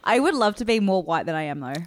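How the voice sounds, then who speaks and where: A woman's voice: mid-range voice, big pitch swings, fast. A young woman co-hosting a podcast in casual chat, talking freely and laughing easily. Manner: chatty, laughs easily, many "like" fillers. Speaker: podcast co-host.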